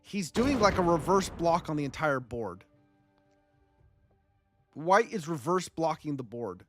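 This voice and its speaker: A man's voice: fairly high pitch, very animated, a little slow, over music. A man streaming a strategy game live, chatting and joking with his viewers as he plays. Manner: chatty, joking, talks to chat.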